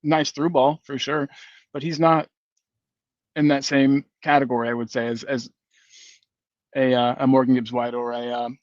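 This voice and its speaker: Guy on a muffled dry remote feed, thinks out loud with lots of ums. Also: mid-range voice, little pitch movement, normal speed, long pauses, no echo. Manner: thoughtful, hedging, filler-heavy. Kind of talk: casual football chat.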